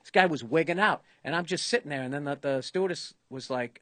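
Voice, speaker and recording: A man's voice: fairly high pitch, fast, dry recording. Profane Boston-accented man spinning a story. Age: 50s. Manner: profane, animated storyteller, acts out other people's lines. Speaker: comedian, podcast host. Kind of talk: casual storytelling chat.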